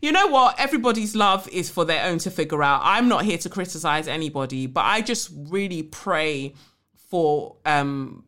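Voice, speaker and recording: Outspoken low-voiced woman podcaster. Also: expressive, moderate pace, pushed and bright. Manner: emphatic, outspoken, swears freely. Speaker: podcast host. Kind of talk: casual podcast chat and letter reading.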